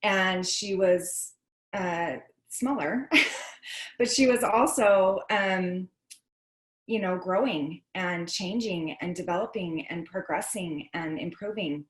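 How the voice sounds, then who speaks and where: A woman's voice: on the low side, takes it slowly. Speak as a chatty woman in an echoey room. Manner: chatty, many fillers and restarts. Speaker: guest telling her story. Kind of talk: personal testimony on a video call.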